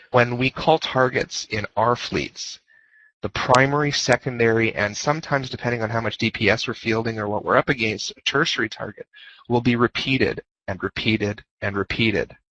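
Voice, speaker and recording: A man's voice: medium pitch, fairly bright tone, no echo. Man, guest lecturer, laid-back and jokey, repeats key points; dry, muffled voice-chat sound. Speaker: guest lecturer on fleet command. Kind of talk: informal lecture over voice chat. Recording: dull lo-fi voice chat audio.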